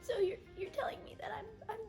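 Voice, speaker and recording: A woman's voice: fast, darkish tone, faint music behind, close to an everyday voice. A woman playing a vain, melodramatic jilted rich wife, swinging from prim bragging to shrieking theatrics. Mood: panicked. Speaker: reality show cast member being interviewed.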